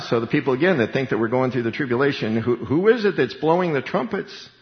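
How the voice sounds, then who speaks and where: Male pastor, animated conversational sermon, chuckling, long hall reverb, dull lo-fi sound. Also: medium pitch, fast talker.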